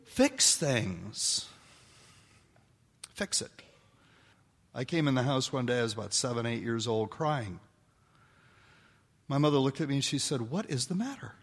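An older man giving a folksy, animated talk to an audience of mothers, acting out the voices in his stories. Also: mid-range voice, measured pace, pauses often. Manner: folksy, animated storytelling, acts out quoted voices. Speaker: speaker addressing an audience of mothers. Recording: long hall reverb.

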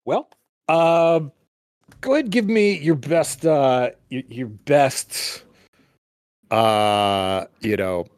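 A man's voice: mid-range voice, extremely slow, no echo. A man running a tabletop roleplaying game as its game master. He talks with lots of ums and restarts and laughs often, in a dry, close recording with no room sound. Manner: hesitant, lots of fillers and laughs.

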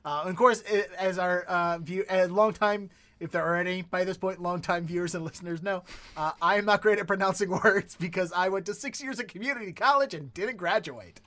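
A man with a Baltimore accent hosting a podcast in casual chat, laughing often and filling pauses with "uh". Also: high-pitched, pushed and bright. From Baltimore area, US. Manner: laughs often, lots of filler "uh"s. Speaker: podcast host.

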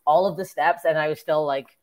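Brief: rapid, low-pitched young woman comic from Canada, blunt and sweary. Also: steady tone, darkish tone. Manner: blunt, profane storytelling. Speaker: stand-up comedian, podcast guest. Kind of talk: casual podcast chat.

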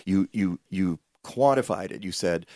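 A man hosting a radio talk show, animated and stumbling over repeated words as he gets going. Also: sits low, unhurried, no room sound, clean studio sound.

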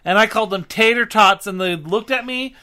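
A man co-hosting a casual comedy podcast chat, cracking deadpan jokes and ranting profanely. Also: high-pitched, a little fast, clear, resonant tone. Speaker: podcast co-host.

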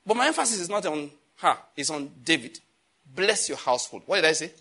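A man's voice: on the high side, sing-song, quick pace, pushed and bright. A man with a Nigerian accent preaching a sermon. He laughs at his own jokes and calls on the congregation to repeat his words back.

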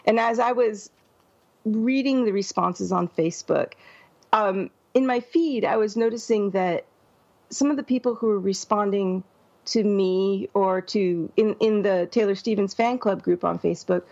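Husky-voiced sick woman podcast host. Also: mid-range voice, darkish tone, lo-fi sound. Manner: laughs often, quick and chatty. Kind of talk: casual podcast chat.

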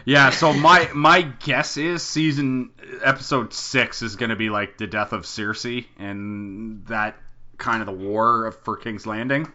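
A male podcast host with a very bright, forceful voice, chatting casually. He talks animatedly, laughs often and swears freely. The recording is dull and lo-fi. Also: mid-range voice, steady tone, a little slow.

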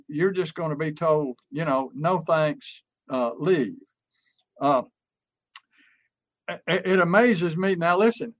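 An older man with a fairly bright, somewhat high voice co-hosts a casual podcast as a pest control sales coach. He spins folksy sales stories, full of fillers and restarts.

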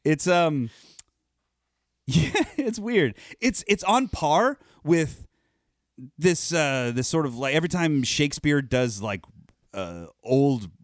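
A man chatting casually on a podcast, his pitch swinging widely as he talks. He laughs often and rambles through fillers and restarts. The recording is dry and close. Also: lively intonation, takes it slowly, no room sound. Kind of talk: casual chat.

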